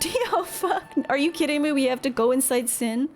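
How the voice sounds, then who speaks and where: A woman's voice: high-pitched, expressive, normal speed, faint music behind. A woman streamer reacting to a game in casual, joking commentary with swearing.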